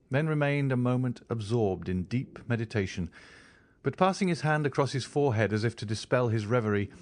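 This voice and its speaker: A man narrating a classic novel as an audiobook, in a steady, formal storytelling manner. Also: fairly low pitch. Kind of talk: scripted narration.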